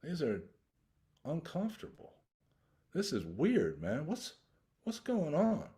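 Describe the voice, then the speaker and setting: A man's voice: on the high side, huge pitch swings, slow, warm tone, voice pushed up, full character voice. A man voicing a confused young male elk, puzzled and griping about something new.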